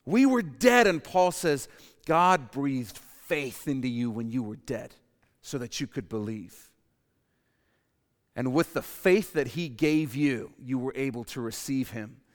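A man preaching a sermon with passion, dropping to a hush and then rising to near shouts. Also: mid-range voice, unhurried, long reverb tail. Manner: impassioned, swings from hushed to loud. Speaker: pastor.

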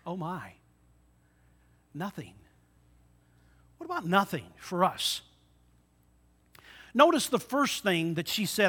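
Bright, high-voiced male pastor preaching. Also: sing-song, a little slow, pauses often. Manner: dramatic retellings with shifting loudness; rhetorical questions to the congregation. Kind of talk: sermon.

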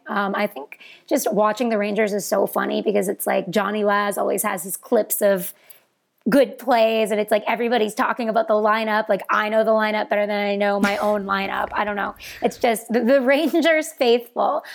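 A woman co-hosts a casual hockey podcast with a dry, offhand manner and plenty of fillers. Her middle-pitched voice carries a strong gravelly fry. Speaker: podcast co-host.

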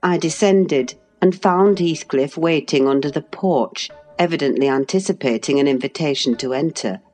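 A woman narrating a classic novel as an audiobook, measured and expressive. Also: sits low, soft background music. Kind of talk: classic novel read aloud.

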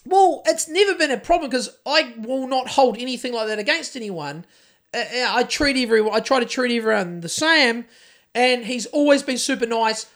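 A woman co-hosting a podcast, telling stories in a casual, ranting way and swearing a lot. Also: fairly high pitch. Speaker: podcast co-host. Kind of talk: casual chat.

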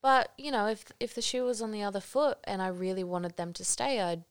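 A woman's voice: medium pitch, a little fast, smooth, no room sound, studio quality. Candid young woman podcast co-host. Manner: candid, laughs often, swears casually. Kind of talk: casual chat.

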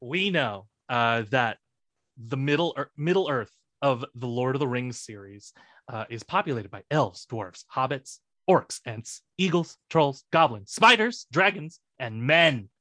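Male podcast host, lively delivery, dry close sound, playful and quick to laugh. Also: mid-range voice, dry recording. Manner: joking, laughs often, quick asides. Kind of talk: casual chat.

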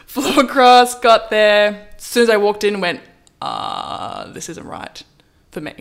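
A woman in casual storytelling, lively, acting out quoted lines with big pitch jumps. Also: a little slow, vocal fry. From Australia. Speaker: model, interview guest.

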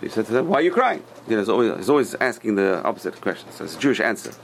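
A man teaching a Torah class, telling stories in an animated way and swinging between loud and hushed delivery. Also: lowish voice, rapid-fire, a little hiss or hum. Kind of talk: storytelling sermon.

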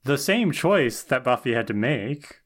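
With a measured pace and big swings in his medium-pitched voice, this podcast co-host chats casually about a TV episode. He's thoughtful, frequently restarts himself, and keeps asking "right?"

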